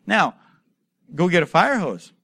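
A man preaching a sermon with a fairly high voice, recorded close and dry. He moves from quiet storytelling to emphatic, rising exhortation, peppered with rhetorical questions and acted-out asides. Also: big pitch swings, measured pace, creaky, slightly rough, no echo. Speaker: pastor.

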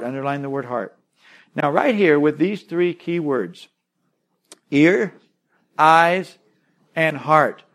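A man preaching a sermon, emphatic and repetitive, leading the listeners in saying key words aloud. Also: fairly high pitch. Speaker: pastor.

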